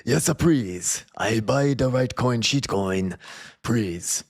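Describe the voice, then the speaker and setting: A man putting on a pleading coin peddler who speaks slowly with broken phrasing. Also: medium pitch, lively intonation, voice pushed up. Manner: slow halting pleading, raised voice.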